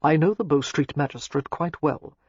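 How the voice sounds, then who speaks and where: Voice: mid-range voice, moderate pace, a little mellow, husky, no room sound, lo-fi sound. A narrator voicing an arrogant, commanding English earl in an audiobook, speaking curtly and with authority. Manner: curt and authoritative. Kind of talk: audiobook character reading.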